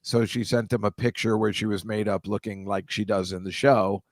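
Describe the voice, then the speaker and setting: A man's voice: fairly low pitch, fairly even intonation, normal speed, dry recording. Older new guy rambling, self-deprecating stories, dry close sound. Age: over 65. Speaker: podcast co-host. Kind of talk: casual chat.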